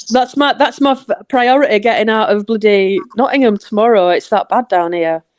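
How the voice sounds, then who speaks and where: A woman's voice: mid-range voice, normal speed, darkish tone, no room sound. A woman with a Yorkshire accent chatting casually as a podcast co-host and laughing often. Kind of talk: casual chat.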